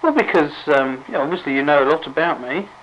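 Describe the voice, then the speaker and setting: A man's voice: a little high, animated, fast, dull audio, a little hiss or hum. A man on the phone, exasperated and indignant. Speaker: call recipient. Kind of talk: phone argument. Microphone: telephone line.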